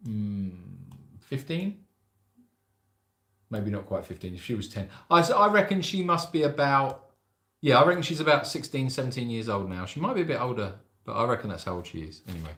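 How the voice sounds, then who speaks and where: A man's voice: mid-range voice, big pitch swings, fairly quick, fairly bright tone. A man, hosting and chatting casually in a rambling storytelling way. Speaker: sanctuary host. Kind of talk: casual livestream chat. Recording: echoey room.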